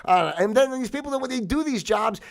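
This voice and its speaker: A man's voice: very high-pitched, lively intonation, a little fast, vocal fry. A man hosting a livestream, ranting in a heated, rambling, profane monologue. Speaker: livestream host.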